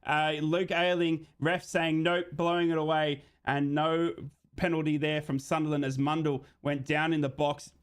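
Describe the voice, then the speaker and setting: A man's voice: a little high, little pitch movement, moderate pace, clean tone. A man hosting a live football watchalong, giving running play-by-play and reading out viewer comments. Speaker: host of a live match watchalong stream.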